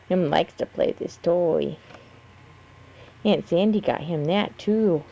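A woman's voice: mid-range voice, expressive, slow, creaky, mellow, lo-fi sound. A woman, a mother, cooing to her baby in sing-song baby talk on a home video.

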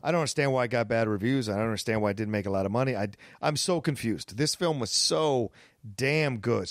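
A man's voice: lowish voice, no room sound, studio quality. A man co-hosting a podcast in casual chat, enthusiastic and thinking aloud with frequent restarts. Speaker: podcast co-host.

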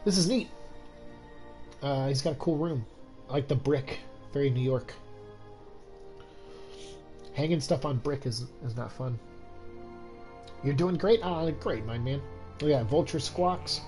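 A young man talks to his viewers at a middle pitch, sounding stuffed up and drained from little sleep. He keeps his voice low on purpose and wanders through his thoughts with plenty of ums and likes. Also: unhurried, pauses often, darkish tone, faint music behind, rough recording. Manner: keeping his voice down, rambling with many fillers. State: stuffed up with a cold; exhausted. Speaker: streamer. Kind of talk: casual game-stream chat. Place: home room at night.

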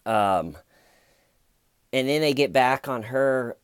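A man giving casual, animated true crime commentary who acts out the quoted lines as he recaps. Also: mid-range voice, slow pace, smooth, no echo, studio quality.

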